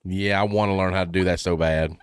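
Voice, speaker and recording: Low, smooth male podcast host, upbeat and affirming. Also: steady tone, fairly quick. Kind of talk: casual podcast interview.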